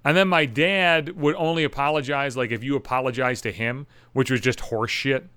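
A man's voice: medium pitch, fairly even intonation, normal speed, bright, forceful tone, smooth, no echo. A young man hosting a solo podcast, ranting bitterly and sarcastically with heavy swearing. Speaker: podcast host.

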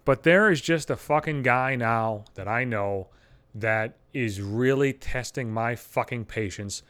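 A young adult man telling stories in a blunt, profane, animated podcast rant. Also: mid-range voice, unhurried, clean tone, no echo. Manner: blunt, heavy swearing, animated. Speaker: podcast host.

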